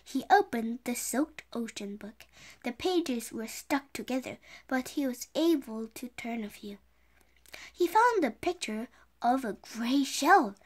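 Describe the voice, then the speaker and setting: A woman reads a children's chapter book aloud in a high voice. She takes it slowly and carefully, sometimes stumbling and restarting a phrase. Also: lively intonation. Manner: slow, careful reading with slips and restarts. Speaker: storybook reader.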